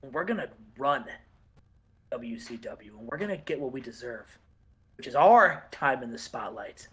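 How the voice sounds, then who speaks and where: A man playing an intense male wrestler cutting a slow, menacing promo in a game session. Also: lively intonation, a bit bright, slightly rough. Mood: simmering. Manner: low, slow, menacing delivery.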